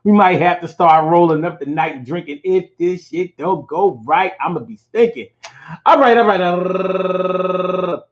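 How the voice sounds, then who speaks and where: A man's voice: high voice, measured pace, dull audio. A man hosting his own show, talking in a loose, slangy, profane way and breaking into rhymed riffs. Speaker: podcast host. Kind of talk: casual election-night monologue.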